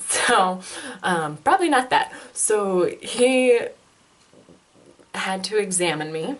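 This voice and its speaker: A woman's voice: mid-range voice, lively intonation, takes it slowly, pauses often. A woman, likely in her twenties, telling a candid personal health story with self-deprecating humor and frequent laughter.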